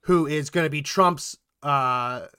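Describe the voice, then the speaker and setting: A man co-hosting a political commentary podcast, talking in a quick, animated way and getting worked up. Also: on the high side, smooth, no room sound, clean studio sound. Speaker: podcast co-host.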